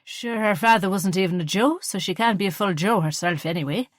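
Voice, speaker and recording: A woman's voice: mid-range voice, a little fast, dry recording, studio quality, close to an everyday voice. A woman voicing a tipsy, outspoken Irish mother from Kerry, slurring slightly and pushing her views. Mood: bossy, tipsy.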